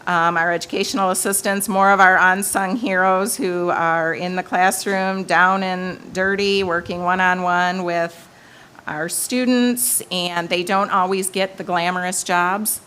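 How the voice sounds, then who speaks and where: A woman's voice: on the low side, fairly even intonation, unhurried, a bit bright, slight background noise. A woman presenting staff recognitions at a school board meeting in a plain, conversational way. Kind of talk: reading retirement recognitions.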